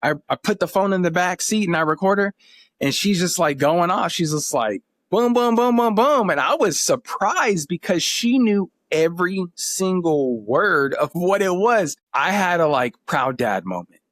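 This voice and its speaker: A man's voice: high voice, lively intonation, normal speed, fairly bright tone, no room sound, studio quality. A man in his thirties, a podcast guest, telling family stories in an earnest, emotional way. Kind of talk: casual interview talk.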